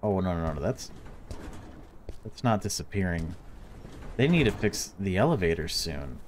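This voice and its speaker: Deep-voiced, jumpy let's-play gamer man. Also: very animated, moderate pace, a little hiss or hum. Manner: jumpy and reactive, swears when startled. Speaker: gaming YouTuber.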